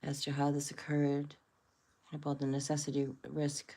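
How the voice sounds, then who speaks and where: Low-pitched lady rambling on her stream, lots of ums, chatting to viewers. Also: monotone, normal speed, dark tone. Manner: rambling, musing aloud with many fillers. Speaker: host. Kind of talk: casual livestream commentary.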